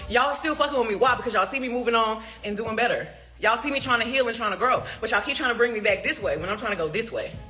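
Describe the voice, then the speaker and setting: A woman's voice: high-pitched, bright, forceful tone. A woman on a heated social media rant, firing off profane rhetorical questions with laughing asides.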